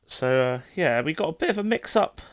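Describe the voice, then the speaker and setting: Before his live racing stream gets going, a British host and commentator chats casually, banters with viewers, and keeps greeting people. His voice is on the high side, very animated and fairly quick.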